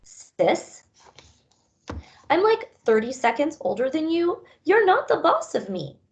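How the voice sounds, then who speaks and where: A woman's voice: high-pitched, very animated, slow pace, pitched above the performer's own voice, exaggerated voice. A woman voicing a sarcastic, defiant young female dog. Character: sassy young female dog, his sister.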